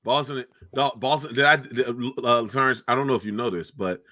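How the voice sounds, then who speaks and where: A man's voice: mid-range voice, fairly quick, dry recording, clean studio sound. A man co-hosting a casual comedy podcast, swearing and telling exasperated stories. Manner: exasperated, swearing, animated storytelling. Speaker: podcast co-host.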